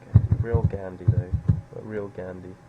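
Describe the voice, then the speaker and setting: A man's voice: low voice, steady tone, moderate pace, narrow, tinny audio, very noisy. A man streaming live poker, musing over players in a dry, sardonic way.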